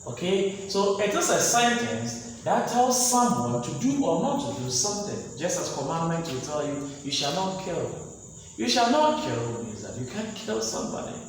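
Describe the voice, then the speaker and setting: Lively male teacher in an echoey room. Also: high voice, moderate pace, a little hiss or hum. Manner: repetitive, quizzing with "what?" and "okay?"; lively, voice rising sharply on example commands. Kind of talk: classroom grammar lesson. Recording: roomy echo, mic far off, faint outdoor ambience.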